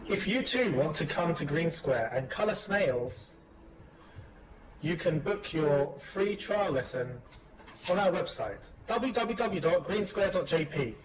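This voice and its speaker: A British-accented man, a teacher and host, chatting slowly and playfully. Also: a little high, lively intonation, a loud crowd. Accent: British English. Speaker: English school teacher and podcast host. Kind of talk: slow, easy casual chat. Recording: noisy room recording.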